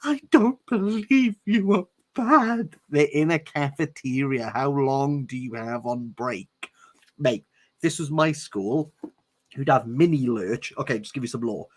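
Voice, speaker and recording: A man's voice: medium pitch, unhurried. A man reading a novel aloud and breaking off for sarcastic, jokey commentary. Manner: sarcastic, jokey asides between read passages. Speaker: book reviewer reading aloud. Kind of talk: casual read-along with commentary.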